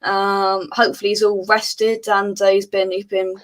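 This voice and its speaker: A woman's voice: medium pitch, flat delivery, normal speed, low-quality recording. A woman hosting a live football fan show, chatting casually and reading out viewer comments with plenty of filler words.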